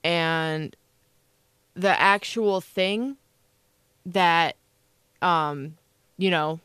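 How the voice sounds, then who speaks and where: A woman's voice: fairly low pitch, extremely slow, a bit bright, smooth, no room sound, studio quality. A young woman co-hosting a casual chat show, telling a long rambling story with lots of fillers. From Illinois, USA. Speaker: co-host.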